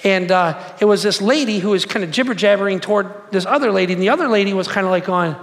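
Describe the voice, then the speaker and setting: A man's voice: high-pitched, fast, big-room sound. A man in his forties preaching a sermon, casual and conversational, telling stories and asking the crowd questions. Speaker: pastor.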